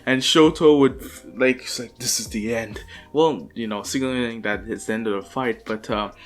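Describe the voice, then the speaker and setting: A man's voice: mid-range voice, moderate pace. A young man casually narrating a fan story, rambling with lots of fillers and restarts. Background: faint lofi music.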